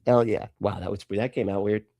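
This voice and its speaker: A man's voice: fairly low pitch, steady tone, brisk, vocal fry, dark tone, no room sound. A man hosting a live reaction stream, talking back at video clips with sarcastic, profane asides. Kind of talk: casual live-stream commentary.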